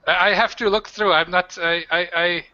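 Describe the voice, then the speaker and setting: A man's voice: sits high, fairly even intonation, moderate pace, sharp tone, clear, resonant tone, muffled recording, voice pushed up. A man voicing a nervous young male barman, a former farmer, who stammers and sounds flustered, in a tabletop game.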